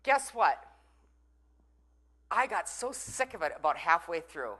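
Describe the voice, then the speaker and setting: A woman's voice: on the low side, sing-song, a little slow, bright, forceful tone. A middle-aged woman from Minnesota, giving a chatty, playful motivational talk and teasing the audience. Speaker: conference breakout speaker.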